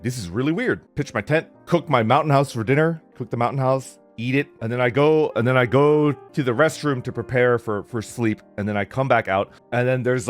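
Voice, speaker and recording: Man, middle-aged, rambling casual storyteller, middle pitch, faint music behind. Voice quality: rambling, full of "like" and restarts. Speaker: streamer.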